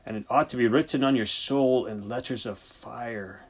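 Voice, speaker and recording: A brusque, preachy senior country vet , put on by a male audiobook reader. His husky voice swings high and loud, full of lively rises and falls as he lectures. Theatrical and commanding. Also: moderate pace. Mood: lecturing. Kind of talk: audiobook character voice.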